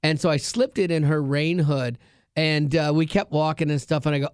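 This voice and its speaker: A man's voice: on the high side, normal speed, clear, resonant tone, dry recording, clean studio sound. A middle-aged man hosting a radio show, telling stories in casual chat and acting out the voices of the people in them. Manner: animated storyteller, acts out voices.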